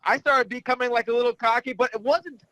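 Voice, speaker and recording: A man hosting a podcast who talks in a halting way, searching for his words in casual chat. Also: very high voice, steady tone, sharp tone, no echo, low-quality recording.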